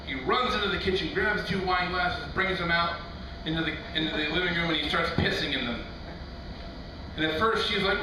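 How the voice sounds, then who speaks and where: A man's voice: fairly high pitch, a little fast. A man doing a stand-up routine in a loose, conversational way, full of fillers and acted-out quotes. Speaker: stand-up comedian. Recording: echoey room from far off, noisy.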